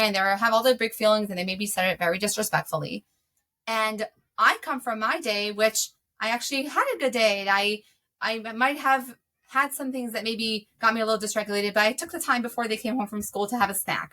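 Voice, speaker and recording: A woman's voice: on the high side, a little fast, sharp tone. A woman speaking as a guest, explaining self-regulation for parents in an earnest, conversational way with frequent ums. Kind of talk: conversational advice.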